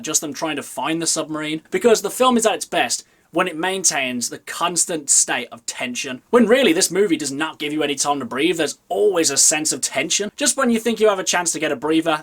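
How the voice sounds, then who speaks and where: A man giving a casual spoken movie review, chatty, with emphatic jumps up in pitch on key phrases. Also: a bit bright. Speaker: film reviewer.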